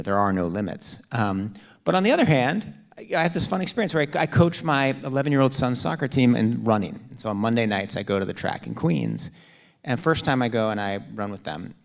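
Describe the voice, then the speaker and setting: A middle-aged man, an author and runner, telling animated stories in an onstage conversation, often adding "like" and "right?". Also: medium pitch, vocal fry. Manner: animated storytelling with frequent "like" and "right?". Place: auditorium stage.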